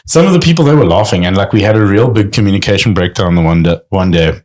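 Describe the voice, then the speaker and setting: A man's voice: sits low, fast talker, darkish tone. A man co-hosting a podcast, telling travel stories in a casual, rambling way, swearing freely and acting out what people said. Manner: rambling storyteller, swears freely, acts out quotes. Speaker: podcast co-host. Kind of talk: casual chat.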